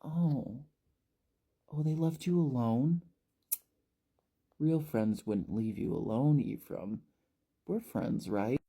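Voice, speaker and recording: A man voicing a manipulative teenage boy who talks in a soft, coaxing, falsely caring way, in a storytelling recap. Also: medium pitch, takes it slowly, creaky, pauses often, slightly rough, voice pushed up, exaggerated voice.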